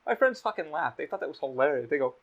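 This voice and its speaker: A man hosting a casual podcast, telling stories in a blunt, animated way with a lot of swearing. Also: on the high side, quick pace. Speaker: podcast host. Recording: slightly dull lo-fi audio.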